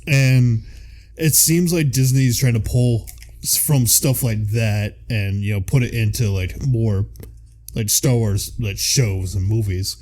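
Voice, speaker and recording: Relaxed, rambling male podcast host. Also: medium pitch, takes it slowly. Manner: relaxed, rambling, many fillers. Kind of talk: casual podcast chat.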